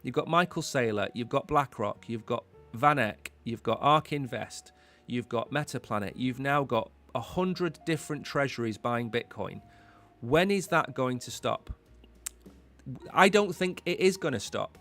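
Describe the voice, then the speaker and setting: A man's voice: mid-range voice, expressive, a little slow, a bit bright. A man hosting a live market commentary stream, talking in a chatty, rambling way and repeating words while he thinks. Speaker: host.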